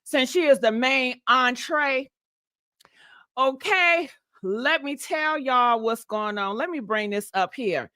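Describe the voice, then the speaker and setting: A woman hosting a casual gossip livestream, sassy and animated, chatting to viewers and laughing often. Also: sits high, slow pace, no room sound, clean studio sound. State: short of breath.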